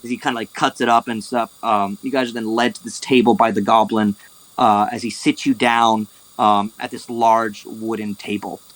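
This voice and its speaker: A man's voice: on the low side, flat delivery, moderate pace, dry recording, rough recording. A man narrating as game master, rambling, with lots of "like" and "um". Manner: rambling, heavy on "like" and "um". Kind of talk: narrating a tabletop game over a voice call.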